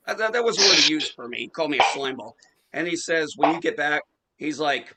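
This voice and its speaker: A man's voice: medium pitch, fairly quick, very noisy. A man in his forties telling a profane story in casual chat, acting out the quotes. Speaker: podcast host.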